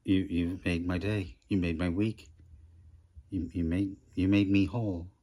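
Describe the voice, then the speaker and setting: A man's voice: sits low, steady tone, measured pace, mellow. A middle-aged man rambling through a casual food review vlog, chatty and self-deprecating, talking with his mouth full.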